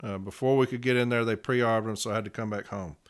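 A man speaking as a union representative in a casual podcast monologue. He tells his account plainly and repeats case numbers slowly. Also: lowish voice, fairly even intonation, smooth.

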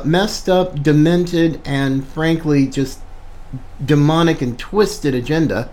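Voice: mid-range voice, darkish tone. A podcast host delivering an indignant opinion monologue, emphatic and repeating phrases for stress. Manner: indignant, ranting.

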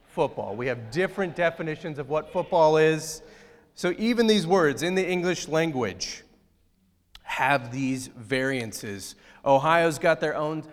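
A man's voice: on the high side, lively intonation, a little slow, big-room sound. A pastor giving a conversational, joking sermon and asking his congregation questions. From outside Ohio, United States.

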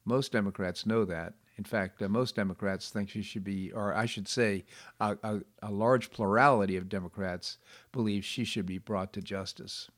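A man's voice: on the low side, fairly even intonation, moderate pace. A middle-aged man hosting a radio talk show, reading news and giving commentary in a conversational way with frequent fillers and restarts.

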